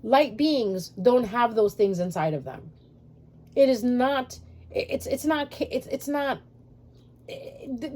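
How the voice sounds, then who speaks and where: Husky-voiced woman giving spiritual advice. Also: a little high, darkish tone. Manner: emphatic, repetitive, addresses viewers directly. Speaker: spiritual YouTuber. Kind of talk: spiritual advice vlog to subscribers.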